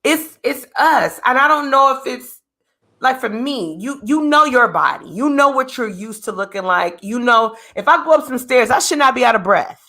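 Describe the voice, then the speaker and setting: Bright, lively woman podcast host. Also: sits high, moderate pace. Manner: animated and joking, acts out quoted voices. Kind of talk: casual chat.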